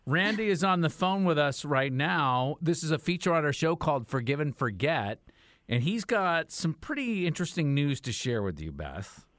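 A man hosting a morning radio prank segment, lively and teasing. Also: fairly high pitch, normal speed, dry recording. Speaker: radio show host.

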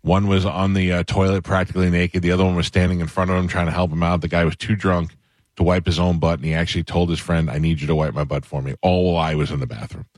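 A man hosting a talk radio show, telling a funny story and mimicking loud people in a raised voice. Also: fast, no room sound. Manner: animated, acts out other people's shouting in a higher voice.

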